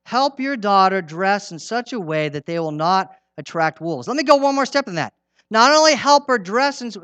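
A middle-aged man preaching a sermon in an earnest, emphatic way, repeating his key lines and dropping from loud to hushed. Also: sits high, no echo.

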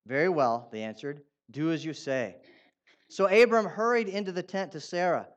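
A man preaching a sermon in a conversational way, asking his listeners questions and turning animated when he reads out quotes. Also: a little high, a little slow, pauses often, muffled recording. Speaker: pastor.

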